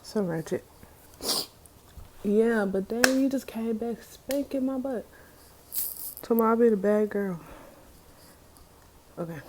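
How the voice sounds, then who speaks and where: A woman vlogger chatting casually in slang while eating on camera, with a relaxed, chatty manner. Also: fairly high pitch, takes it slowly, pauses often. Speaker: mukbang vlogger. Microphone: mic clipped near her.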